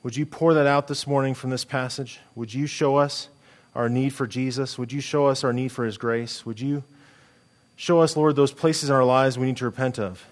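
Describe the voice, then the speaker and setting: A man's voice: mid-range voice, steady tone, normal speed. Earnest male pastor preaching. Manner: earnest, conversational preaching with restarts. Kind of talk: sermon.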